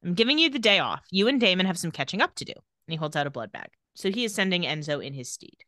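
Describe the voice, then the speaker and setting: A woman chatting on a podcast about a TV episode, her voice bright and forceful with a lively, bouncing pitch. She acts out the characters' lines in quick bursts, and the sound is close and dry. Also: no echo. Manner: animated, quotes characters in quick quips and laughs often. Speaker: podcast co-host recapping a TV episode. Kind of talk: casual chat.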